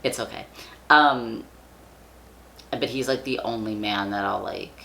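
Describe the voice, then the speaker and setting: A young man chatting casually to camera, with a gravelly, fry-edged voice that still sounds bright and forward. He rambles, leans on fillers and swears offhandedly. There's a faint hiss underneath. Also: on the low side, a little slow. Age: young adult. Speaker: vlogger. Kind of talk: casual chat.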